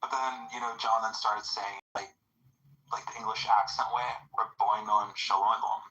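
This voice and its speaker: Man, rambling storyteller, lowish voice, very bright tone. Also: fairly even intonation, normal speed, rough recording. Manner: rambling, filler-heavy storytelling. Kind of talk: casual chat. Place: online audio chat room.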